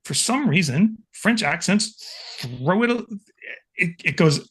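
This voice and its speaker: A man, a guest expert, giving an enthusiastic, chatty live software demonstration over a video call. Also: high-pitched, big pitch swings, slow, breathy edge. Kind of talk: casual live software demo.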